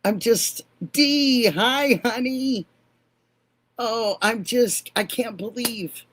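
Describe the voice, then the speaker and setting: An older woman hosting a live stream, warmly greeting viewers by name and calling them honey and sweetheart. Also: a little high, drawn-out words, a little hiss or hum. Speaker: livestream host.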